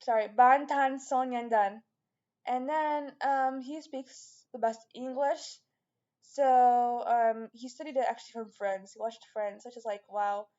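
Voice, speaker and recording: A woman's voice: fairly high pitch, fairly even intonation, a little slow, mellow, lo-fi sound. A woman vlogger chatting casually and rambling, with lots of fillers and restarts. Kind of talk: casual chat to camera.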